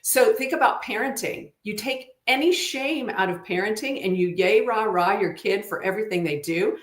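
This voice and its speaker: A woman's voice: mid-range voice, normal speed, reverberant. A woman chatting on a talk show in an earnest, preachy way, quoting scripture. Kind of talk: casual talk-show chat.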